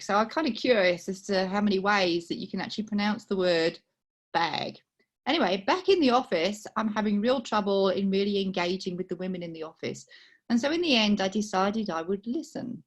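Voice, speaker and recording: Soft-spoken British woman telling a story. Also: medium pitch, animated, a little fast. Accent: British with a slight Australian twang. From United Kingdom. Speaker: guest speaker. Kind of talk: personal story for a speaking club.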